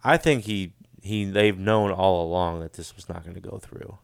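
A middle-aged man co-hosting a casual chat, relaxed and chuckling often, trailing off into mumbles. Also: sits low, normal speed, vocal fry, smooth, no echo, studio quality.

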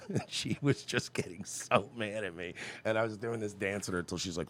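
A man's voice: lowish voice, brisk, a bit bright. A man co-hosting a podcast, telling a story with a lot of swearing and acting out the other voices. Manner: profane, ranting, acts out voices in his stories. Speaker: podcast co-host. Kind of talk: casual chat, animated storytelling.

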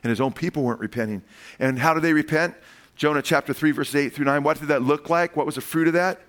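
Animated preaching man calling out amen. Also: fairly high pitch, fast talker. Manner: animated preaching with frequent "amen?" calls to the congregation; acts out quoted voices in storytelling. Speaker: pastor. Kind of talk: sermon.

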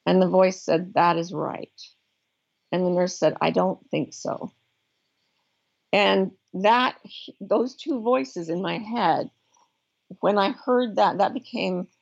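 A woman's voice: lowish voice, creaky, breathy edge. A middle-aged woman guest telling a personal story in an interview, thoughtful and earnest, often restarting her sentences. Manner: earnest, thoughtful, with frequent restarts and slow emphasis. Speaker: guest, life coach. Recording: dull lo-fi recording.

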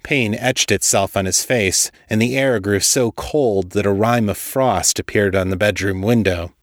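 Steady low-voiced male storyteller. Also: unhurried, dry recording, studio quality. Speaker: storyteller, podcast host. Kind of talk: scripted audiobook narration.

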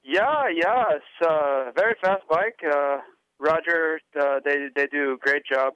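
A hesitant young racer with a thick German accent stumbles through broken English, full of ums and restarts, as a man puts him on. The voice sits high, bright and crisp. It is dry and dull, like lo-fi radio. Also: no room sound. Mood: halting. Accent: German (put on). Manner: halting broken English, many fillers and restarts.

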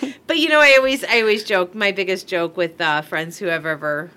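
A woman's voice: fairly low pitch, brisk, sharp tone, smooth. A woman chatting casually on a podcast, reading out questions and laughing easily. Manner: giggly, reads out questions.

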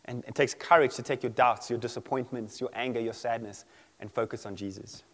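A man preaching a sermon in an animated way, acting out quoted voices and laughing often. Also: medium pitch, brisk. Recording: long hall reverb.

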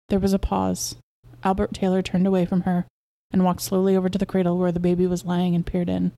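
A woman podcast host narrating a short story in a steady, measured way. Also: lowish voice, creaky.

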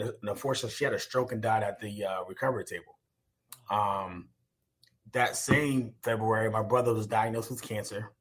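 A man's voice: fairly low pitch, a bit bright. A man in his forties, a former football player, telling his life story earnestly on a podcast, with many fillers and restarts. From United States. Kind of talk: reflective personal storytelling.

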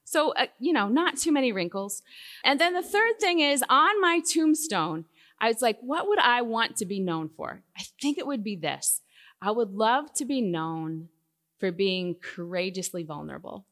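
A middle-aged woman giving a faith talk to a live audience, telling stories with loud emphatic bursts that drop to hushed asides. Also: normal speed. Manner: lively storytelling, swinging from loud emphatic bursts to hushed lows. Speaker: Christian speaker. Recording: long hall reverb.

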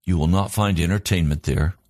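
A man's voice: deep voice, a little fast, a little mellow, no echo, studio quality. A man preaching a sermon as a pastor, in an earnest, emphatic cadence built on repeated phrases.

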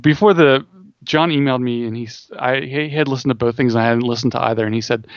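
A man's voice: medium pitch, fast talker, gravelly, no room sound, muffled recording. Rambling man in dry podcast chat. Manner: rambling, restarts sentences, thinks aloud. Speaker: podcast co-host.

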